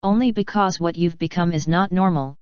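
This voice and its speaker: A woman's voice: on the low side, brisk, smooth, no room sound, lightly acted. Woman reading as a sour, frustrated husband. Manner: flat, needling. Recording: dull lo-fi.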